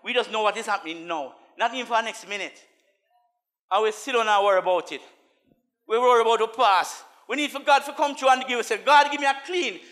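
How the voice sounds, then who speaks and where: A man preaching a sermon as a minister, mixing laughing asides with chanted, call-and-response lines and swinging from soft talk to shouts. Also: sits high, fast talker.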